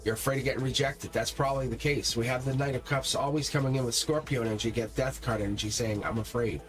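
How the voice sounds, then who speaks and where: A fast-talking man with a medium-pitched voice gives a live tarot reading, speaking energetically and emphatically straight to his viewers. Faint music plays in the background.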